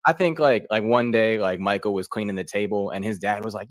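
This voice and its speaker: Young male comic, low voice, dry close sound, crude rambling delivery. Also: fairly quick, few pauses, dry recording. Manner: rambling, crude, loose storytelling. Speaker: comedian contestant. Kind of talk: stand-up comedy set.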